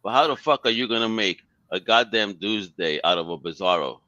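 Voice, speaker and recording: Low-voiced blunt swearing man. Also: lively intonation, brisk, bright, forceful tone, no echo, muffled recording. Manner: blunt, opinionated, heavy swearing. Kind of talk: casual live chat show.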